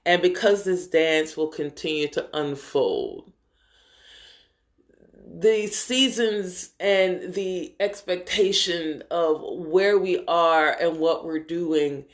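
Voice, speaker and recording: A woman spiritual teacher giving a live-streamed spiritual talk, gentle and heartfelt, calling her listeners brothers and sisters of the light and drawing out words slowly for emphasis. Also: low voice.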